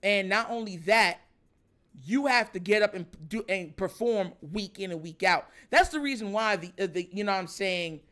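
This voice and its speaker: A man's voice: high voice, moderate pace, bright, forceful tone. A man in casual sports talk, speaking emphatically in slang, laughing often and often asking "you know what I'm saying.".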